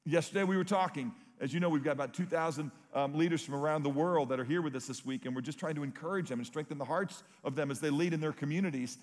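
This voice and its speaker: A man's voice: a little high, fast, few pauses, in a large hall. A man preaching a sermon, telling stories with rising emphasis. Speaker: pastor.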